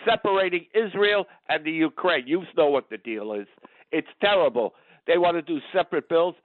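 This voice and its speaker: A man's voice: on the high side, animated, normal speed, no room sound. An older man calling in to a radio talk show over the phone, blunt, rambling and indignant. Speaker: caller. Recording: tinny phone line.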